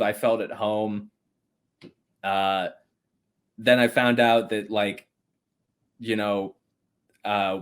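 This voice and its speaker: A young man telling stories as a podcast guest in a rambling, casual way, swearing often and laughing between words. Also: medium pitch. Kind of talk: casual storytelling chat.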